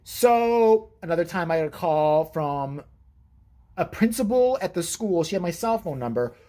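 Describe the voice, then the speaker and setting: A man's voice: a little high, expressive, moderate pace, mellow. A man telling a long personal story in a casual vlog monologue, profane and rambling, correcting himself as he goes. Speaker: vlogger telling a family story.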